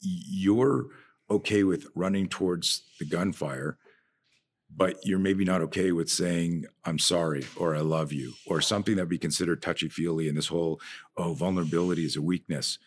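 Deep, husky-voiced man telling stories. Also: moderate pace. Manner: animated storyteller, trails off and restarts sentences. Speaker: guest, fear-management and martial arts trainer. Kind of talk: conversational podcast storytelling.

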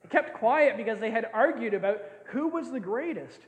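A man's voice: extremely high pitch, animated, normal speed. An older man preaching a sermon as a pastor, playful and often laughing as he acts out scenes. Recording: echoey hall with long reverb.

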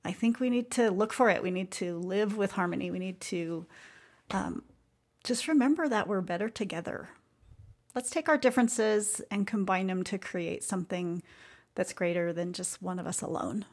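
A woman hosting a podcast, talking in an earnest, reflective way about music and life, with soft asides. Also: medium pitch, moderate pace. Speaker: podcast host.

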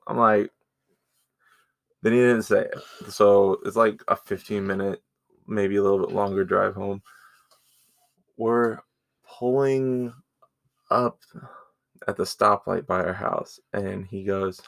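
Podcast co-host, man in his thirties, low and gravelly, acts out quotes as he tells stories. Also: slow pace, pauses often. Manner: animated storytelling, acts out dialogue. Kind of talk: casual chat.

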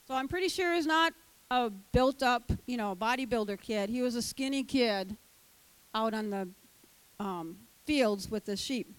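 High-voiced older woman preaching slowly. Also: poor audio. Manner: animated, acts out voices of the story's characters. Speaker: Sunday school teacher. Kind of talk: sermon.

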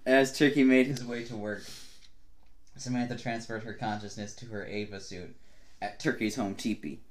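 Here a man co-hosting a comedy podcast reads ridiculous fan fiction out loud. His voice runs on the low side, steady and moderately paced, and he repeatedly bursts out laughing partway through.

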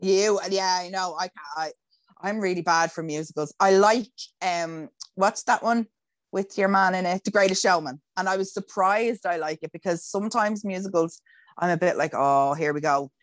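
A woman's voice: medium pitch, normal speed, no echo. Woman, thirties, blunt casual chat, lots of swearing and laughs, dry close sound. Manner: frank, swears freely, laughs often.

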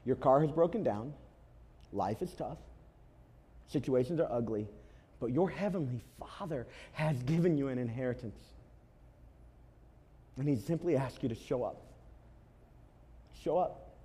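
A man preaching a sermon to his congregation as pastor, telling an animated story and driving points home with emphatic repetition. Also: medium pitch, measured pace, pauses often, breathy edge. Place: church before a congregation.

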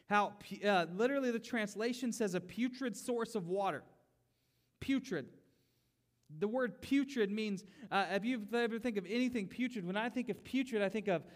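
A man preaching a conversational sermon, acting out complaining voices and rising to emphatic pleas. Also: high voice.

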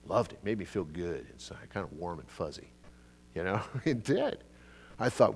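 A middle-aged male pastor preaching a Bible teaching, swinging between loud, emphatic bursts and quiet asides. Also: medium pitch, sing-song, fairly quick. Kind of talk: expository sermon.

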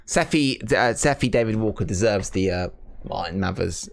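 A British man co-hosting a wrestling podcast, animated and sarcastic, exclaiming loudly. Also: fairly low pitch, moderate pace, vocal fry, loud music behind the voice. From Britain. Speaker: co-host. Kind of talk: casual chat.

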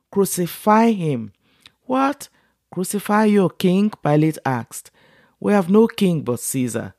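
A man reads scripture aloud, unhurried and steady. His voice sits at an everyday middle pitch. The recording is close and dry, with no room sound. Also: no echo. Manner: measured, unhurried reading. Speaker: Bible reader. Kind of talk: scripture reading.

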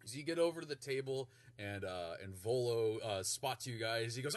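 A man running a tabletop game as game master, narrating in an animated way with many stumbles and fillers. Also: mid-range voice, normal speed, hardly any pauses, no echo.

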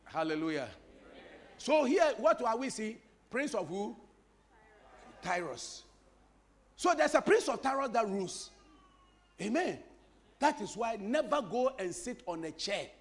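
High-voiced animated preacher man. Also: a little slow, pauses often. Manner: animated preaching with repetition and crowd-teasing humor. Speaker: pastor. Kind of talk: sermon.

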